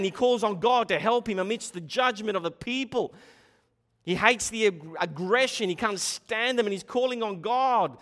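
Male preacher, high voice, impassioned sermon delivery with hushed and loud swings, long reverberant church hall. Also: animated, normal speed.

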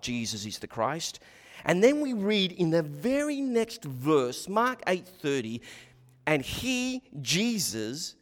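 A man preaching a sermon in a church hall, his voice sitting a little high for a man. He speaks emphatically, rising and falling and often repeating words. A long hall reverb trails after each phrase. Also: a bit bright. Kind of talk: expository sermon.

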